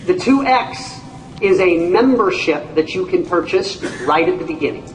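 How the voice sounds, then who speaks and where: A man, a company CEO, giving an animated training talk to an audience, telling stories and acting out people's reactions with folksy exclamations. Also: high voice, moderate pace, a little hiss or hum. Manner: storytelling, acts out voices, folksy exclamations. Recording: echoey room, speaker far from mic.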